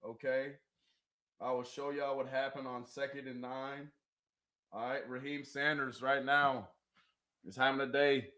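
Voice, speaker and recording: A man hosting a live watch party. He gives excited fan commentary on a football game, laughs often, and keeps talking to his chat. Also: mid-range voice, a little slow, pauses often.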